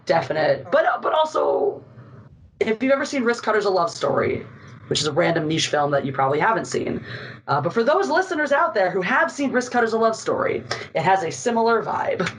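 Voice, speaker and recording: A woman's voice: mid-range voice, sing-song, fairly quick, poor audio. A woman from Philadelphia, a guest on a podcast, chatting casually with a jokey, self-deprecating manner.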